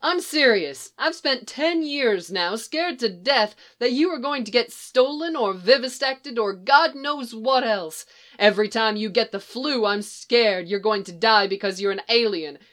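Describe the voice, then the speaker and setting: Woman reading a blunt folksy farm mom, middle-aged, dry wit, slow drawl. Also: a little high, animated. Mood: earnest. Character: brash frank middle-aged farm mother.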